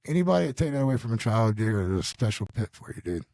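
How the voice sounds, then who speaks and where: A man guesting on a podcast, telling a personal story in an animated, slangy way, calling the listener dude and bro. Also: lowish voice, fast, no room sound. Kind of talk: casual storytelling.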